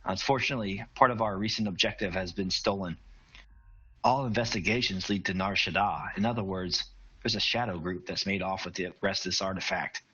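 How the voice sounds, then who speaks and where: A man voicing a male Jedi master who speaks calmly and formally over a comlink during a tabletop game. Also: low voice, a little fast, breathy edge, lo-fi sound, heavily acted. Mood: briefing.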